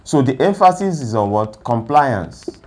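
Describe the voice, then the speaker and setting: Slow, deliberate man lecturing. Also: medium pitch, very animated, darkish tone. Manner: slow and deliberate, asks rhetorical questions then answers them. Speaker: education speaker. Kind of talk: lecture-style talk.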